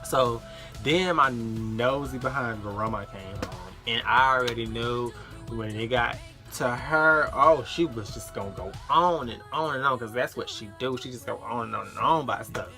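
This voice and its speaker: Bright-voiced young man telling a story. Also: medium pitch, normal speed, faint music behind. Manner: animated, acts out the dialogue of others. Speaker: vlogger. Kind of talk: storytime vlog.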